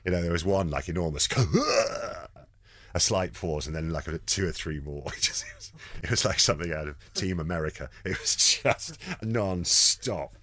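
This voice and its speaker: A man's voice: sits low, animated, moderate pace, sharp tone, no room sound. A man, a comedian guest, telling rambling stories in an interview and acting out the quoted lines. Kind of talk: anecdotal interview chat.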